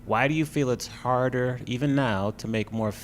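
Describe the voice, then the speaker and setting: A man hosting a podcast interview, encouraging and quick to offer short affirmations. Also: mid-range voice, slight background noise. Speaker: podcast host. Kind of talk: casual interview.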